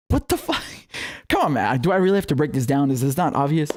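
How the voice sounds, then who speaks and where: A man's voice: medium pitch, lively intonation, fast. A young man hosting a political commentary show, talking casually with heated, profane, sarcastic outbursts and laughing asides.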